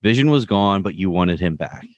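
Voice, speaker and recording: Low-voiced male co-host, relaxed recap talker, dry close mic. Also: moderate pace, no room sound, dull audio. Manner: relaxed, retells scenes with loose paraphrased quotes. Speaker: podcast co-host recapping a TV episode. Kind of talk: casual chat.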